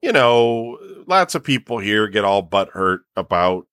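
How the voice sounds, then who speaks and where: A man's voice: fairly low pitch, sing-song, measured pace, fairly bright tone, clean tone, no echo, clean studio sound. A man chatting casually in a laid-back, rambling way, full of filler phrases. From Cleveland area. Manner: laid-back, rambling, peppered with 'you know'. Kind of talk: casual chat.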